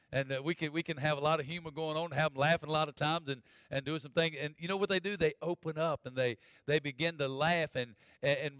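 Pastor guy preaching, folksy, goes loud then real quiet, high voice. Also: no room sound. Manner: folksy, swings from loud preaching to low asides. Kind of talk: sermon. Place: church.

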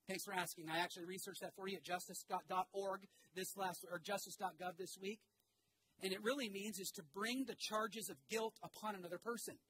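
Animated male pastor preaching. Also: high-pitched, a little fast, background noise. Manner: animated storytelling with shouted asides; calls on the congregation to repeat phrases. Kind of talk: sermon. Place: church sanctuary.

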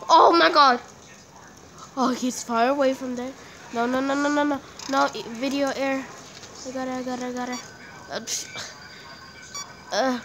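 A woman giving let's play commentary on a horror game, panicking and shrieking, repeating herself, then muttering to calm herself down. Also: high voice, moderate pace, pauses often, a little hiss or hum, rough recording. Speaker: gamer playing a horror game.

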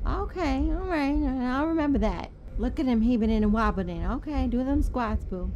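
A young woman streaming a game with friends. She is loud, dramatic and playful, and she laughs a lot. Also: a little high, expressive, moderate pace, few pauses, lo-fi sound, a little hiss or hum. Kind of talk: casual gaming chat with friends.

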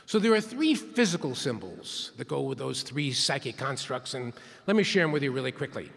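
A man's voice: medium pitch, sing-song, fairly quick, vocal fry, a bit bright, slightly rough. A man giving a playful keynote talk, leading the audience in call-and-response counts in a large conference hall. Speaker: keynote speaker. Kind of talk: interactive plenary talk.

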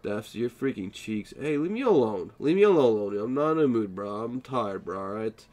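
Tired young man streaming, lively voice. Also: fairly low pitch, normal speed. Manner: drowsy, playfully defensive banter. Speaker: live streamer. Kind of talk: casual live-stream chat with viewers.

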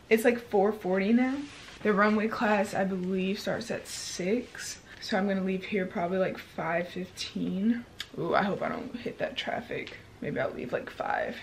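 A young woman chatting to her camera through her day, at home and then driving in her car, animated and talkative. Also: mid-range voice, a little hiss or hum. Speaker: vlogger. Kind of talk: casual vlog chat. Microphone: handheld camera.

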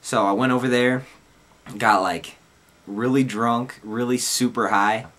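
A man's voice: mid-range voice, fairly even intonation, a little slow, a bit bright. A man in his twenties casually telling a rambling personal story, loose and slangy with lots of "like" and "dude".

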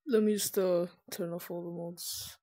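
A woman's voice: lowish voice, fairly even intonation, a little slow, warm tone. A woman streaming live gameplay, casual and profane, muttering to herself as she plays.

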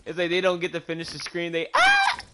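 A man's voice: a little high, little pitch movement, fast, very noisy. A young man doing profane, joking commentary and mock narration over gameplay. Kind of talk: comic gameplay fan dub commentary.

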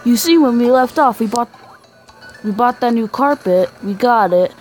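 A man's voice: very high voice, normal speed, faint music behind, poor audio. A young male gamer with a sick, congested voice, chatting aimlessly to viewers while playing. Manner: rambling, chatty asides to viewers. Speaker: gaming channel host. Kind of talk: let's-play game commentary.

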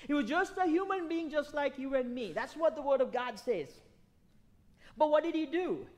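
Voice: sits high, animated, moderate pace, a little mellow. A pastor preaching a sermon in a conversational way, repeating phrases, asking the congregation questions and checking in with "right?".

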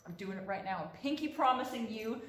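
A woman's voice: a little high, expressive, fairly quick. A woman vlogging about sewing in a casual, comedic way, profane, sarcastic and mock-dramatic. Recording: echoey room from a distance with faint noise.

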